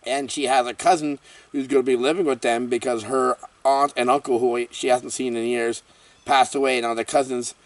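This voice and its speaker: A man hosting a casual horror movie review vlog, talking in an excitable, rambling way full of exclamations and fillers. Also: medium pitch, dry recording, distant mic.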